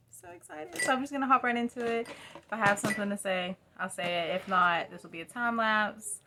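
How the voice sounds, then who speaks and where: A woman's voice: mid-range voice, fairly bright tone. A young woman with a drawl talks casually to her phone camera at home. She rambles, laughs at herself and chats with her viewers while she does her makeup. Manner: chatty, rambling, self-deprecating. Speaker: vlogger. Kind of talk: casual get-ready-with-me chat. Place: at home by a mirror.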